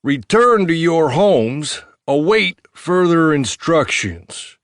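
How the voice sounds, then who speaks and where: A man's voice: on the high side, sing-song, slow pace, a bit bright, no echo, studio quality, voice pushed up, heavily acted. A man voicing a swaggering, menacing male police officer with a put-on drawl. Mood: commanding. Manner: drawling, movie-style commanding tone.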